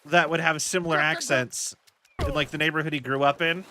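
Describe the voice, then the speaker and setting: A man's voice: fairly high pitch, steady tone, a little fast, bright, forceful tone. A young man streaming a game, chatting casually in rambling tangents and swearing at his mistakes from his home setup.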